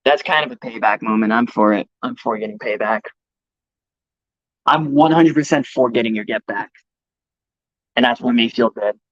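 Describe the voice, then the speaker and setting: During a casual live stream, a man greets chat viewers between profane, heated rants about college football. He speaks at medium pitch and moderate pace, pausing often, and the mic sound is dry and a little dull, with no room sound.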